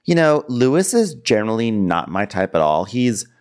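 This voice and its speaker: A man putting on the voice of a snooty young woman, dismissive and drawn-out. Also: fairly low pitch, sing-song, darkish tone, a little hiss or hum.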